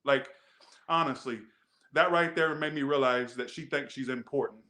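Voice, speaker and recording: A man's voice: mid-range voice, fairly even intonation, a little fast, sharp tone. A man hosting a tarot reading video, chatting casually with rambling, joking asides. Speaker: tarot reader.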